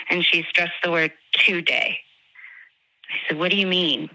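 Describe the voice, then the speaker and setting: Bright emotional woman retelling a story. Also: on the low side, unhurried, no echo, low-quality recording. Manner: emotional, earnest retelling with many fillers. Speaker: friend of the victim. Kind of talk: recounting a conversation.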